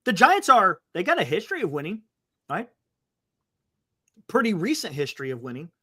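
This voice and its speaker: A man co-hosting a sports talk show in casual chat. His pitch leaps around as he gets animated, and his voice has a bright, forward edge. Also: moderate pace, no room sound, studio quality. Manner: animated, exclamatory, calming others down.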